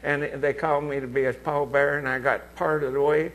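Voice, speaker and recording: A man in his nineties, a medicine show performer, reminiscing as a guest in a folksy, halting way. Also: on the high side, flat delivery, fairly bright tone, poor audio. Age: 90s. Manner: folksy, halting, with many fillers and restarts. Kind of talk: reminiscing interview talk.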